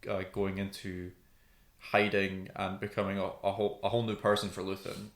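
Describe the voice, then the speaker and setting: This podcast co-host has a low voice and a completely flat, brisk delivery. He chats casually about TV, thinking aloud with lots of ums, and the recording has a roomy echo.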